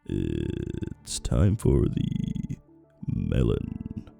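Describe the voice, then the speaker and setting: A man voicing a groggy, deep-voiced announcer with a crackly, gravelly morning voice and a slow, dramatic build-up. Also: very animated, warm tone, soft background music, exaggerated voice.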